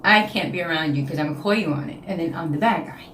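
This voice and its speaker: A woman's voice: sits low, fast talker, a bit bright, reverberant, slight background noise. A woman in her late thirties with a New York accent, talking frankly and emotionally in a casual confessional vlog, often repeating her phrases. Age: 30s. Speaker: vlogger. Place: home, indoors.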